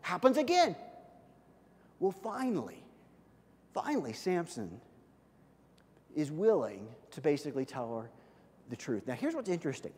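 High-voiced male pastor in a reverberant hall. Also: unhurried, long pauses. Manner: conversational, self-deprecating, lively storytelling. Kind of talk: sermon.

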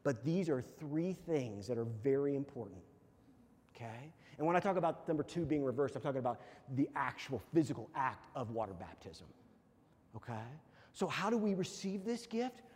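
A man preaching a sermon as pastor, animated and often checking in with his listeners. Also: medium pitch, moderate pace. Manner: animated, repeats "okay?" to check in. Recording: long hall reverb.

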